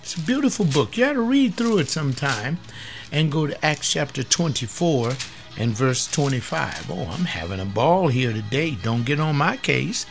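A man's voice: mid-range voice, sing-song, moderate pace, creaky, soft background music. A man preaching a fiery sermon on a webcast, scolding and confrontational as he reads and explains verses.

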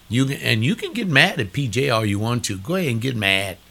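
A man's voice: mid-range voice, sing-song, brisk, vocal fry, sharp tone. An older man delivering a preaching monologue, emphatic, repeating phrases with a rising preacher's cadence.

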